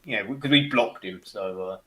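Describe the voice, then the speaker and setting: A man's voice: lowish voice, moderate pace, a crowd in the background. A man co-hosting a live football watchalong, chatting in a wry, joking way that often restarts mid-sentence. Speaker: co-host of a fan channel watchalong. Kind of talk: casual live match chat.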